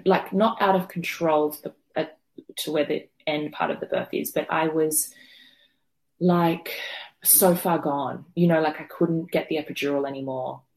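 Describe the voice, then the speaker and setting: A woman being interviewed, telling a raw, emotional personal story, swearing freely and rambling with fillers. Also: low voice. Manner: rambling with many fillers and restarts. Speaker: podcast guest telling her birth story.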